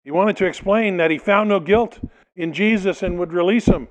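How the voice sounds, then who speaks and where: A male pastor with a high voice preaches at a moderate pace in an expository style, reading a scripture passage aloud, explaining it and sometimes dramatizing the people quoted in it. The audio quality is poor.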